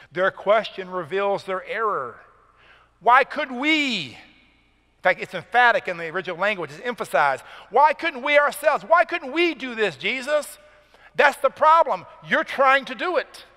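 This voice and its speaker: A man preaching a sermon as pastor, emphatic and rising in pitch to drive key points home. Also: sharp tone, big-room sound. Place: church sanctuary.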